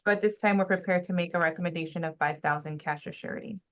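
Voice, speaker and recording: A woman speaking as prosecutor in a courtroom, formal and measured. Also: on the low side, fairly bright tone. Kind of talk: courtroom recommendation. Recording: dull lo-fi courtroom audio.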